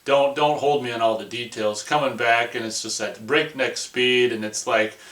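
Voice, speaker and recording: Rambling excitable man reviewing a movie. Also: medium pitch, moderate pace, reverberant. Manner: rambling and excitable, heavy on "like" and "you know".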